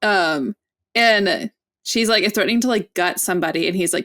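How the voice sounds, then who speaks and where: Female guest, mid pitch, chatty and casual. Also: normal speed, fairly bright tone. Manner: chatty, retells scenes with "like" and acted quotes. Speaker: podcast guest. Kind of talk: casual book chat.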